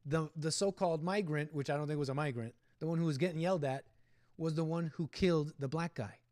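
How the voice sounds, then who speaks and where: A man hosting a livestream reacts to a video clip with rambling, opinionated commentary, and he often talks straight back at the people on screen. His voice sits a little high for a man. The sound is dry and close, with no room echo. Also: fast talker, darkish tone. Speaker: livestream host.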